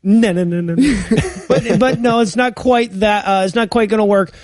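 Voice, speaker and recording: A man's voice: sits high, normal speed, a little mellow, no echo, clean studio sound. A man co-hosting a podcast, riffing sarcastically on a bad movie with lots of swearing and laughter. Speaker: podcast co-host. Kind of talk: casual comedic movie riffing.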